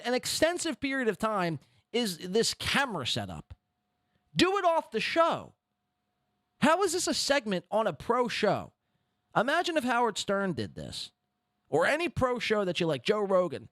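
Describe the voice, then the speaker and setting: A podcast host with a high, very lively voice. He talks in a sarcastic, mocking way and rants as he picks apart what he has just heard. The sound is close and dry. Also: no room sound. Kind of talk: commentary on a played clip.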